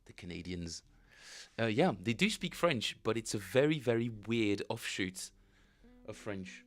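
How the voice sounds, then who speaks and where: A man's voice: fairly low pitch, animated, unhurried. A man casually chatting with viewers on a live stream, rambling and joking as he reads chat aloud. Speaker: bass player streaming practice.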